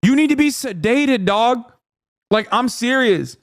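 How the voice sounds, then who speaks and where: Animated, profane man ranting on stream. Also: very high-pitched, unhurried, no room sound, studio quality. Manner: animated, profane, mocking, with loud put-on shouts. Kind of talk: casual livestream rant.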